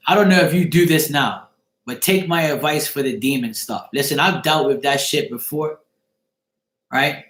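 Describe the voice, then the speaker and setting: A man's voice: on the high side, moderate pace, pauses often, a bit bright. A man hosting a casual live chat, giving a viewer advice in an emphatic, repetitive way, swearing freely and checking in with "right?" again and again. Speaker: host of a live chat show. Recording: echoey room.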